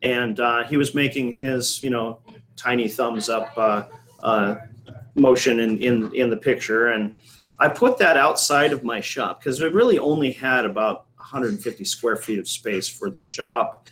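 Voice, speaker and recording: A man's voice: medium pitch, unhurried, fairly bright tone, low-quality recording. A middle-aged man, a coffee shop owner, telling a rambling anecdote in casual chat, with many fillers and restarts.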